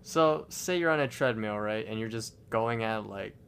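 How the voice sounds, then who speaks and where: A man's voice: fairly low pitch, normal speed, gravelly, fairly bright tone, slight background noise. A man co-hosting a casual podcast from home, narrating cartoon scenes and often stumbling over his words. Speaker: podcast co-host.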